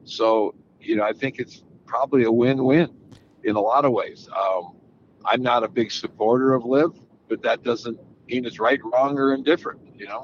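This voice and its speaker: An older man gives relaxed, rambling answers as a golf guest, starting sentences over and over. His voice sits at a middle pitch. The audio is a little dull, with a faint hiss behind him. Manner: relaxed, rambling with frequent restarts. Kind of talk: casual interview answers. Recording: slightly dull audio with faint background noise.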